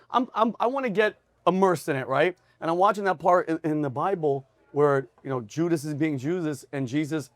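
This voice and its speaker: A man hosting a casual comedy chat at a diner, spinning jokes with animated energy. His voice sits a bit high for a man. The sound is dry and close. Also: no room sound. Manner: animated storyteller, breaks into laughter. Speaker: comedy show host.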